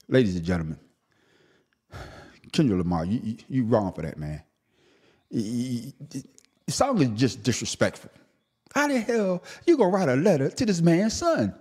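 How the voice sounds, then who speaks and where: A man hosting a podcast, giving an animated solo commentary that swings between a low grumble and high-pitched outrage, often stammering. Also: moderate pace, breathy edge. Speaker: podcast host.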